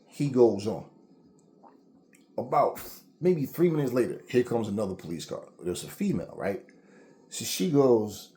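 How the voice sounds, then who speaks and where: Profane man ranting bluntly, mellow voice. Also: mid-range voice, expressive, moderate pace. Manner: profane, blunt, repeats words when heated. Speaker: commentator. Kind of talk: angry rant to camera.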